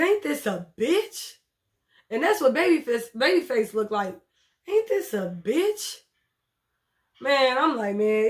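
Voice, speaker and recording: Woman w a higher voice doing a loose episode recap, cusses a lot, mouths off at the characters. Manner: blunt, profane, talks back to the characters. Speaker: TV show reviewer.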